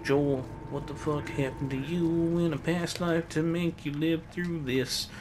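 A man's voice: a little high, steady tone, measured pace, darkish tone. A man giving joking, sarcastic commentary while playing a game, swearing often, over a noisy background. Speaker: let's play gamer. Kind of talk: gameplay commentary.

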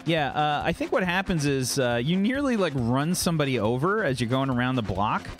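A man narrating as game master, halting often with fillers. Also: on the high side, big pitch swings, soft background music.

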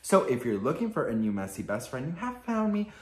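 A man hosting a casual pop culture gossip vlog in a sassy, excitable style. He swears a lot and keeps calling the viewer "girl.". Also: mid-range voice, a little fast, reverberant.

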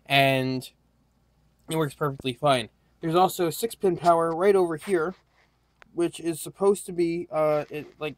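A sleepy young man talks his way through a hardware build in a loose, halting ramble, full of ums and restarts. His mid-pitched voice sits dry and close, with little room sound around it. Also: a bit bright, no room sound. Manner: rambling, halting with many fillers. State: tired, yawning. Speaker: tech hobbyist vlogger. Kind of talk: casual hardware walkthrough.

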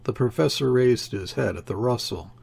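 A man narrating a classic novel as an audiobook in a measured, even reading. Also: medium pitch, vocal fry, slightly rough. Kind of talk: scripted narration.

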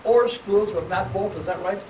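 A man's voice: high-pitched, normal speed, darkish tone. A man in the audience asking a question politely and apologetically. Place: meeting room. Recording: echoey room, distant mic, hiss.

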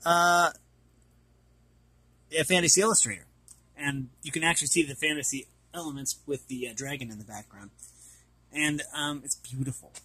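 A man's voice: on the high side, moderate pace, pauses often, bright, forceful tone, breathy edge, dry recording. A man casually reading an art book aloud and commenting, hesitant and apologetic as he stumbles over names.

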